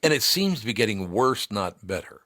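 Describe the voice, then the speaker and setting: Low-voiced blunt male talk host. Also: sing-song, normal speed, sharp tone, no room sound, studio quality. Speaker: podcast host. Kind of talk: casual talk show banter.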